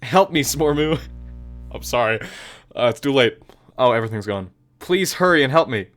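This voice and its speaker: A man's voice: medium pitch, animated, moderate pace, a bit bright, close to an everyday voice. A man reading Monika, sweet game girl. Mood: anguished. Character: sweet, self-aware young woman club president. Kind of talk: reading game dialogue aloud.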